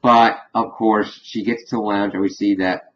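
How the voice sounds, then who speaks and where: A man with a somewhat low voice recaps a TV episode in a loose, rambling way. He fills his retelling with casual fillers and loses his thread now and then. The recording sounds dull and lo-fi, with the top end rolled off. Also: level tone, normal speed, a little hiss or hum. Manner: rambling, filler-heavy storytelling. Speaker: TV episode reviewer.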